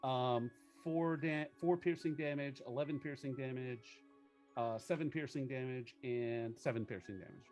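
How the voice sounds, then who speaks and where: A man's voice: mid-range voice, normal speed, a little mellow, soft background music. A man chatting casually as a player in a tabletop game, with laughing asides and trailing restarts.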